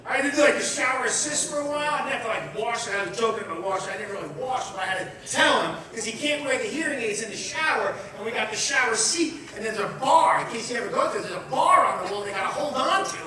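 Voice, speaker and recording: A middle-aged man performing a brash, profane stand-up comedy set with shouted bursts. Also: very high-pitched, animated, quick pace, hardly any pauses, a crowd in the background. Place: comedy show venue. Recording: echoey room, distant mic, audience.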